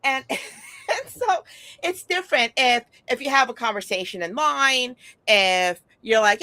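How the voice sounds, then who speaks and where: A woman's voice: sits high, very animated, unhurried, bright, forceful tone, no room sound. A middle-aged woman talking in a casual chat, telling stories bluntly and animatedly, with frequent swearing.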